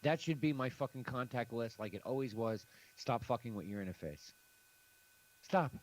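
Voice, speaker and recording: A man's voice: medium pitch, expressive, brisk, rough recording. A man in a loose podcast chat speaks bluntly and with emphasis. He swears often and says what he thinks. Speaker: podcast co-host. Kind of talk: casual chat.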